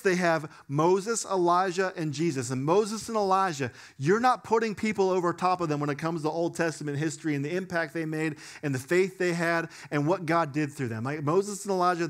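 A young male pastor preaches in a relaxed, conversational way, full of casual fillers. His voice sits fairly high and swings between excited bursts and quiet emphasis. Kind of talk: sermon.

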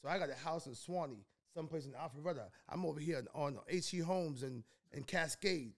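A man in his fifties from New York talks as a podcast guest with a somewhat high voice. He rambles and circles back on his words in an easygoing way. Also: brisk, vocal fry. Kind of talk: casual storytelling interview.

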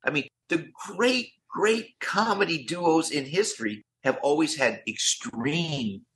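Bright, eager older man telling stories. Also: fairly high pitch, lively intonation, a little hiss or hum. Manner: enthusiastic, quick-talking raconteur. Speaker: guest. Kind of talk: animated storytelling in an interview.

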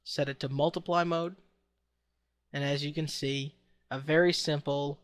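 A man hosting a software tutorial, giving relaxed step-by-step instructions over a screen recording, with the odd filler. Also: a little high, measured pace, no room sound. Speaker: tutorial host.

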